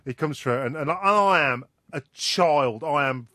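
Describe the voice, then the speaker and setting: A man's voice: fairly high pitch, moderate pace, no room sound, clean studio sound. A man, hosting a local radio show in casual banter and telling stories with lots of laughter. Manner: animated storyteller, laughs often. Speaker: radio host.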